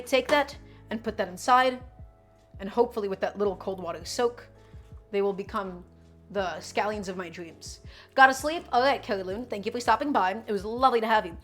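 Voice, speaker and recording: A young woman chatting upbeat as she demonstrates a recipe on a cooking live stream and answers her viewers. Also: medium pitch.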